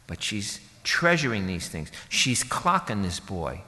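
Guy preaching, chatty and jokey, bright forceful voice, echo from a big church hall. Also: on the low side, very animated, moderate pace, hardly any pauses. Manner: conversational, jokey, acts out voices of people in the story. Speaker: pastor. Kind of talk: sermon.

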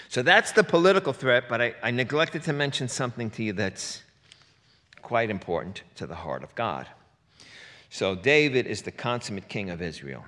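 A man's voice: medium pitch, very animated, normal speed, a bit bright. A man preaching a sermon in a conversational way, with joking asides and playful rhymes. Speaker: pastor. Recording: long hall reverb.

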